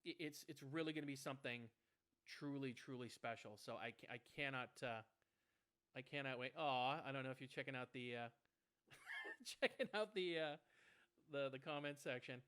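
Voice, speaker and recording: Man, co-host, casual livestream chat, bright forceful tone, gushing and rambling. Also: mid-range voice, normal speed, smooth. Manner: effusive, rambling, with many restarts. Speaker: co-host of an online karaoke show.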